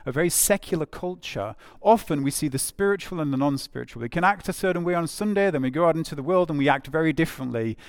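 A man's voice: on the high side, expressive, quick pace, few pauses, no room sound, studio quality. A man preaching a sermon in a conversational way, with frequent fillers and phrases repeated for emphasis.

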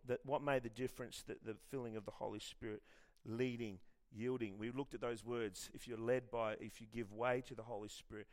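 A middle-aged Australian man preaching a sermon in a lively, conversational way, telling personal stories with self-deprecating humour. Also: medium pitch. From Western Australia. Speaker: pastor.

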